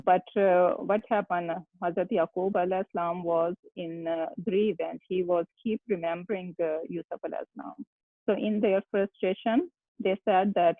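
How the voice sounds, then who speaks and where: An Arabic teacher, giving slow, halting explanations in an online class. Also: mid-range voice, fairly even intonation, dry recording. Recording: tinny phone-line sound, dry.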